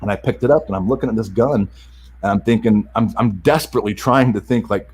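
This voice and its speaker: Earnest, halting man with a lowish voice. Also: darkish tone, slight background noise. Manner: earnest, halting, with frequent restarts and repeated words; openly emotional. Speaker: podcast guest, self-help author. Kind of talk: personal story told in an interview.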